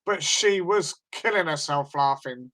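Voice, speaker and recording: A man co-hosting a podcast, telling stories in a lively way and laughing along with them in casual chat. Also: a little high, a little slow, low-quality recording. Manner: animated storyteller, laughs at his own stories. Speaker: podcast co-host.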